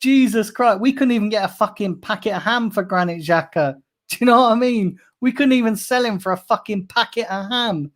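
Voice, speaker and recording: This fan channel host speaks in a high, fairly bright voice at a fairly quick clip. He reads out chat messages on his livestream while ranting angrily and repetitively, swearing heavily throughout.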